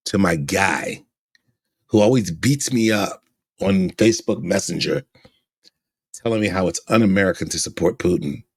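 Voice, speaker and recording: A man hosting a podcast, commenting excitedly with stammering repeats when worked up. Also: lowish voice, husky, dry recording. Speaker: podcast host.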